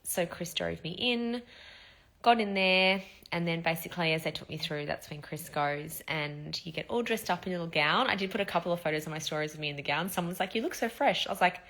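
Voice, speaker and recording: A woman's voice: fairly low pitch, a little fast, fairly bright tone. A woman in her thirties, telling a candid, emotional personal story in a casual vlog while recovering after surgery. She talks loosely, with many fillers and the odd swear word. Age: 30s. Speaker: vlogger.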